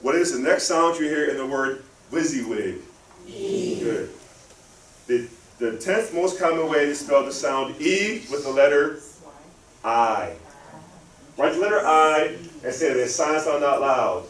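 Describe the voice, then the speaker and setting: A man's voice: a little high, expressive, measured pace, a bit bright. A man giving a live talk in a library, guiding the audience through a spelling drill in call-and-response style. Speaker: guest speaker. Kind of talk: interactive spelling lesson. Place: library lecture room. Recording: roomy, from a distance, faint room hum.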